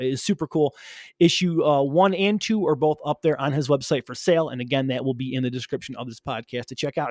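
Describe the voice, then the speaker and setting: A man's voice: mid-range voice, dry recording. A man co-hosting a casual podcast, enthusiastic and laid-back, swearing freely. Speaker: podcast co-host. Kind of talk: casual chat.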